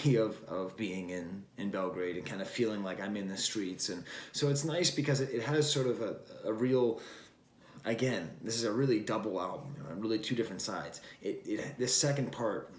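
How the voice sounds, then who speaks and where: A man's voice: fairly low pitch, expressive, fairly quick. Rambling man reviewing records in a roomy space. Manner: rambling, wry, digressive with frequent fillers. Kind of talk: casual spoken album review. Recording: roomy echo.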